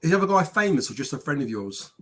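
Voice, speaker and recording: A man's voice: a little high, sing-song, quick pace, a bit bright. A man on a football podcast panel, joking and chatting casually. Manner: jokey, banters with the others. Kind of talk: casual chat. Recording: noisy line with clicks.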